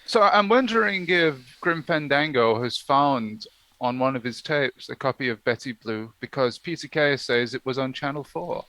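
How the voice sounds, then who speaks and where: A man's voice: medium pitch, expressive, moderate pace, bright, forceful tone, rough recording. A man co-hosting a stream, chatting casually and throwing in silly one-liners. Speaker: co-host on stream. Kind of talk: casual chat.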